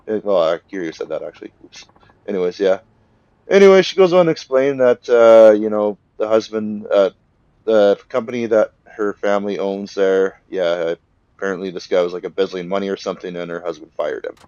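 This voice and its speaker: A young man giving rambling, casual commentary over a game, acting out the characters' lines in quick bursts. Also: deep voice, a little mellow, dry recording, lo-fi sound. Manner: rambling, filler-heavy, acts out characters' lines. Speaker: let's play commentator.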